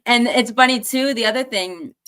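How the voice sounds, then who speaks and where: A woman born in Colombia and raised in the United States, a motivational speaker chatting as a guest and telling stories with animated bursts of laughter. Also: fairly high pitch, moderate pace. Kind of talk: casual interview chat.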